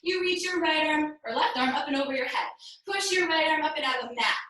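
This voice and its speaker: Here the yoga teacher talks quickly, her high voice pushed and bright as she runs a live class with cheerful cues, the occasional sung line and laughter at her own expense. She's slightly breathless. Captured from a distance on a laptop mic over a hotspot, the audio is very echoey and rough.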